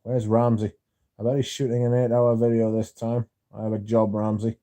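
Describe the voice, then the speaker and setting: A man's voice: medium pitch, level tone, normal speed, mellow, dry recording. A man hosting a casual livestream, reading viewer comments aloud and answering them with dry, sardonic banter. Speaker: livestream host.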